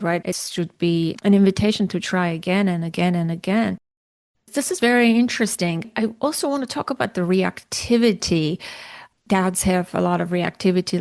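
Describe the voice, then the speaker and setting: A woman with a low voice hosting a podcast interview. She reflects out loud and then asks several questions in a row. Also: creaky. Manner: reflective, asks questions one after another. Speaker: podcast host.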